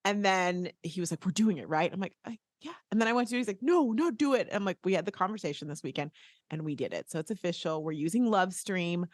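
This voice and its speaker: A woman co-hosting a podcast, chatting casually and telling stories with quick laughs. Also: lowish voice, no echo, clean studio sound. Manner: chatty, animated storytelling with laughs. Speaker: podcast co-host. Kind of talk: casual chat.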